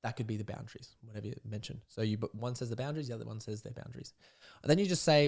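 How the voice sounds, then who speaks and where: Fast-talking blunt man coaching. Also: medium pitch, gravelly, a little mellow. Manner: blunt and profane, jokes, acts out sample dialogue. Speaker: podcast host, men's coach. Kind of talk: casual coaching monologue.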